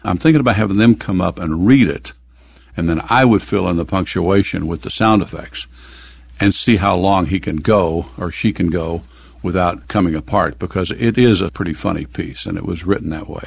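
A man's voice: sits low, brisk, gravelly, slightly rough, dry recording. An older man from the American Midwest telling stories from his youth in an oral history interview, chuckling now and then.

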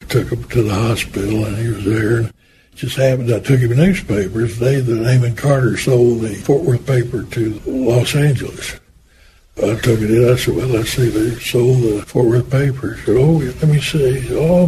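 A man's voice: medium pitch, noisy background. An older man in an oral history interview, telling folksy anecdotes about a former boss and acting out the dialogue as he goes.

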